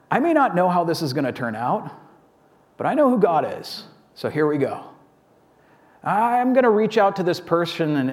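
A man's voice: on the high side, darkish tone. A man preaching a conversational sermon as a pastor, casual and chatty with many asides.

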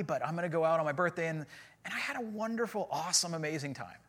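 Casual slightly high-voiced male preacher. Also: quick pace, a bit bright. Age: 40s. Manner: casual, storytelling, self-deprecating humor. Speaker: pastor. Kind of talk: sermon.

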